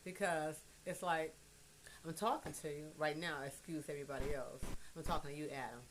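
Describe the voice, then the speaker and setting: A middle-aged woman on a phone livestream, talking to her grown son in a rambling, blunt monologue. She swears freely and swings between soft and loud. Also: low voice, fairly even intonation, fairly quick, a little hiss or hum.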